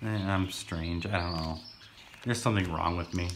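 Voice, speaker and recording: A man's voice: sits low, fairly even intonation, moderate pace, noisy background. A man casually narrating as he opens card packs, rambling and goofy, now and then breaking into silly sing-song. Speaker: card-opening vlogger. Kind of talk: casual pack-opening commentary.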